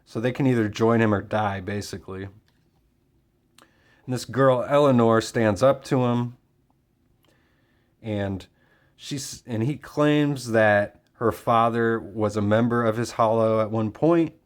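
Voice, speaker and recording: A man casually summarizing and reviewing a comic book issue, talking with frequent fillers and pauses. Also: medium pitch. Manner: relaxed, hesitant with fillers.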